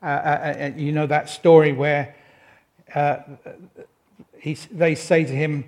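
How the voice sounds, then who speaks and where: Middle-aged man, sermon delivery, slightly high voice, measured, reflective with a dry, self-mocking wit. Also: steady tone, a little mellow. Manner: unhurried, reflective, with wry self-deprecating asides. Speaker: preacher.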